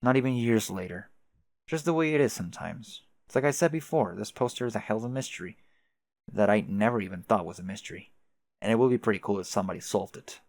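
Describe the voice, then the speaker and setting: A man's voice: fairly low pitch, no room sound. A man doing a sardonic ironic young guy. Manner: dry, sardonic, swearing casually. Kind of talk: reading a webcomic aloud, voicing characters.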